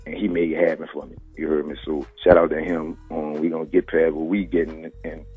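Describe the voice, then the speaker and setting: A man's voice: very deep voice, level tone, brisk, breathy edge, no echo. A man from New Orleans with a New Orleans accent, a podcast host talking casually in an interview, full of street slang and "you heard me". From New Orleans, Louisiana. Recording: tinny phone-line radio call.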